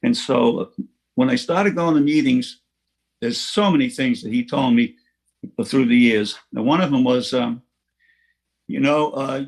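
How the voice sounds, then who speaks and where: A man's voice: medium pitch, a little slow, vocal fry, pauses often. Plain-spoken older man telling his story. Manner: plain-spoken storytelling with frequent restarts and chuckles. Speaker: recovery meeting speaker. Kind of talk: personal recovery story at a meeting. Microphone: online meeting from home.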